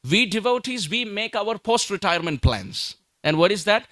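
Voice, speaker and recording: A man's voice: high-pitched, lively intonation, moderate pace, hardly any pauses, sharp tone, no room sound, clean studio sound. A man giving a sermon, building his points through rhetorical questions and emphatic repetition. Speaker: speaker at a devotional talk.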